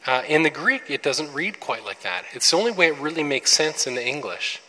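A male pastor preaching in a large hall, with a very bright, forward tone and a slightly raised pitch. He talks animatedly, asking rhetorical questions and restarting phrases as he goes. A long reverb tail follows every line. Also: expressive, fairly quick. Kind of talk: sermon.

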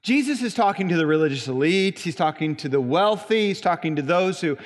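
A man with a Southern Indiana accent preaching a sermon in a church, stressing single words with long pauses. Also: fairly high pitch, lively intonation, big-room sound. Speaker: pastor. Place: church sanctuary.

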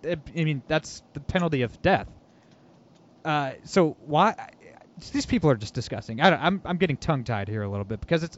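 Animated, mocking male podcast host. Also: a little high. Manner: animated, mocking, laughs often. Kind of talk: casual political podcast chat. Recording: dull lo-fi audio.

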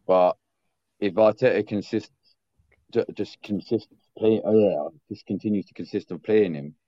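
A man in casual football chat, animated and slangy, repeating words when he gets going, calling in on his phone. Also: fairly low pitch, moderate pace, lo-fi sound. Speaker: football panel guest. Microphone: phone on a call.

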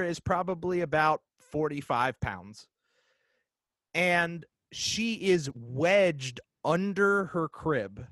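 A man in his thirties telling a ghost story in casual chat, animated and halting, with lots of fillers and restarts. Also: a little high, dry recording.

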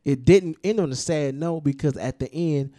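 A man's voice: on the high side, moderate pace, warm tone, no echo, clean studio sound. A man hosting a casual podcast and explaining at length, with restarts and emphatic repetition. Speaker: podcast host discussing music.

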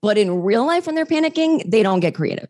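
A woman's voice: on the high side, fairly quick. A woman who is a comedian guest on a podcast, chatting casually and acting out the voices in her stories. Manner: animated storyteller who acts out quotes.

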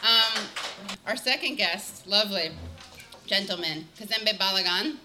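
A woman's voice: medium pitch, unhurried, heavy background noise. A woman hosting a live talk show, chatty and joking, going off on tangents as she introduces guests. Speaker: podcast host.

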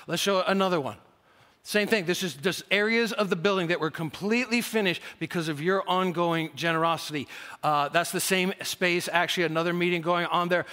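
Bright, enthusiastic male pastor. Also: high voice. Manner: enthusiastic, emphatic repetition. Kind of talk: sermon. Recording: long hall reverb.

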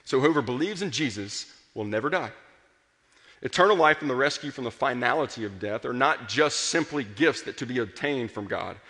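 A man delivers a sermon in an earnest, passionate way, building up to strong emphasis and then falling quiet. His voice is bright and forceful. It rings with a long reverb, as in a large hall. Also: medium pitch, lively intonation, moderate pace. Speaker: pastor.

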